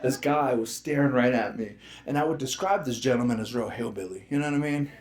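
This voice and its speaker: A man from the Navajo Nation doing a stand-up comedy set, an animated, laughing storyteller who talks in slang. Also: medium pitch, a little fast. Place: comedy club stage with live audience. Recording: echoey club room with audience noise.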